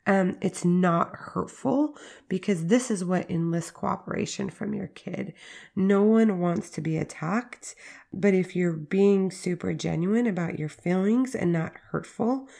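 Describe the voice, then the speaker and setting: Gravelly-voiced woman hosting a parenting podcast. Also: fairly low pitch, warm tone. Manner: conversational, uses "like" and "right?" as fillers. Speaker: podcast host. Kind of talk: casual teaching monologue.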